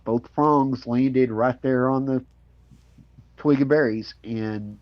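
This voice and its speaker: Casual host, male, mid-pitched, chatty storyteller with a muffled lo-fi sound. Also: fairly even intonation, slow, no room sound. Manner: laughs often, tells stories with repeated restarts. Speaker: podcast host. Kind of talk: casual chat.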